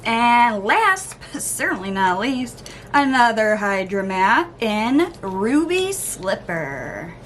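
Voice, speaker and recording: A woman vlogger chatting casually through an unboxing, gushing, gasping and cooing with excitement. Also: fairly high pitch, slow, a little hiss or hum. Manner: gushing, excitable, lots of gasps and oohs. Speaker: beauty vlogger.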